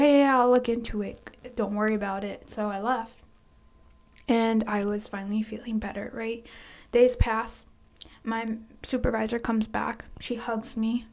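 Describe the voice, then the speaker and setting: A quiet, soft-spoken woman telling a casual storytime about her work, hesitant and sometimes sinking into near-whispers. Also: on the high side, creaky. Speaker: storytime vlogger.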